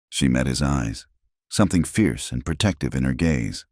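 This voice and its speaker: A man narrating a scripted western story in a dramatic, measured way. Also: very deep voice, lively intonation, vocal fry, darkish tone, no echo, studio quality.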